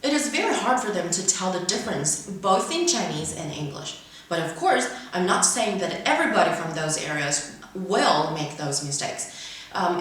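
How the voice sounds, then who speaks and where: A woman's voice: fairly low pitch, a bit bright. Woman teaching pronunciation in a big echo. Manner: careful, deliberate word-by-word modeling. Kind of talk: instructional lesson with read-aloud examples. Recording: very echoey room, mic far away.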